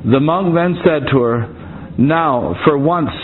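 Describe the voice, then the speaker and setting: A man reading a historical account aloud, earnest and steady, with occasional casual asides. The audio is tinny and phone-like with faint noise. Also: on the high side, slow pace. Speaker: reader and commentator.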